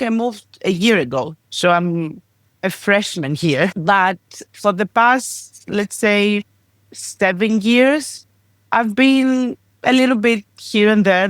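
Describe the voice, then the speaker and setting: A woman's voice: medium pitch, slow, no echo, clean studio sound. Chatty woman guest. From Greece. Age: 30s. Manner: chatty, with frequent "like" fillers. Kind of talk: casual interview chat.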